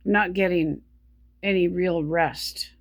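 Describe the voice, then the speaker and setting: A woman speaking in a personal video diary, short of breath while talking, halting and stumbling with many restarts, weary and subdued. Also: lowish voice, fairly even intonation, no echo. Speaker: vlogger.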